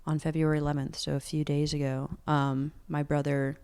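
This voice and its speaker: A woman's voice: low-pitched, little pitch movement, moderate pace, mellow, smooth. A young woman singer-songwriter talking openly in an interview, earnest and candid, peppering her speech with "like.". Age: young adult. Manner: earnest, open, heavy use of "like".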